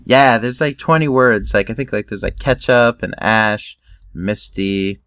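A man co-hosting a podcast, talking in an animated way and swearing freely. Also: lowish voice, measured pace, clean tone, dry recording. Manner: animated, swears freely, laughs between words. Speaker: podcast co-host. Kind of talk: casual chat.

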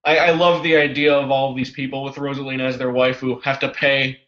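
A man's voice: medium pitch, little pitch movement, fairly quick, fairly bright tone, echoey room. A man co-hosting a casual gaming chat, laid-back and wry. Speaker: podcast co-host. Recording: dull lo-fi audio.

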